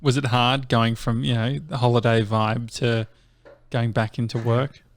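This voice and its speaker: A man's voice: mid-range voice, level tone, measured pace, a little hiss or hum. A man with an Australian accent co-hosting a podcast, asking friendly follow-up questions. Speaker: podcast co-host. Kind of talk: casual interview questions.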